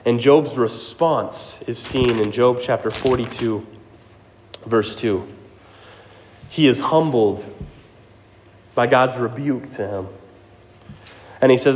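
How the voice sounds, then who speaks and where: A man's voice: medium pitch, slow pace, long pauses. Earnest man preaching in a reverberant hall. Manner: earnest, emphatic, checks in with "right?". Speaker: pastor. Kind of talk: sermon.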